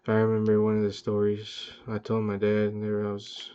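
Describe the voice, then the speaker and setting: A man's voice: on the low side, monotone, moderate pace, mellow, clear, resonant tone. A young man rambling through a casual, profane, self-hyping motivational monologue for his vlog, talking to himself in a car. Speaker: vlogger. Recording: dull lo-fi sound.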